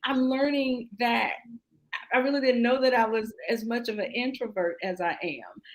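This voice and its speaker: Woman, 40s, interview guest, fairly high voice, open and warm-humored delivery. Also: moderate pace, rough recording. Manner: candid, laughs often, repeats "really and truly". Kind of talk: casual interview chat.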